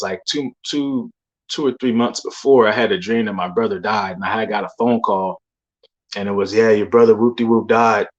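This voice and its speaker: A young man talks in a loose, unscripted way, piling up fillers and slang as he tells a personal story. His voice sits a bit low, and he drifts from one thought to the next. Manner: loose, rambling street slang with many fillers. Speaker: believer sharing dreams. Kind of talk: casual testimony monologue.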